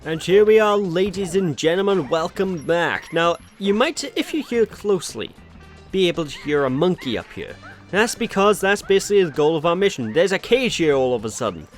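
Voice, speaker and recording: A man with a Welsh accent talks over his gameplay in a chatty, exasperated way. His voice sits a little high and bounces around a lot. Faint game music plays underneath. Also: very animated, normal speed. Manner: chatty, exasperated, mildly sweary. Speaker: let's play host. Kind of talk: casual gameplay commentary.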